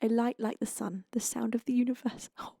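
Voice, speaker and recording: A woman's voice: on the high side, fairly even intonation, fairly quick, gravelly, no echo, studio quality. A young woman with an English accent, chatting effusively to her live stream viewers as she signs off. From United Kingdom. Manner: bubbly and effusive, with soft laughs and sighs. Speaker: streamer and singer-songwriter.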